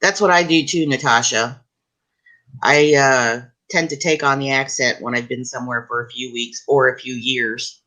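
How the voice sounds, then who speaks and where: Bright-voiced chatty woman streamer. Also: very deep voice, steady tone, moderate pace, poor audio. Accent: mix of Southern US and Canadian. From Canada. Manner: chatty, encouraging, laughs easily. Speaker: livestream host. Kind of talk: casual live-stream chat.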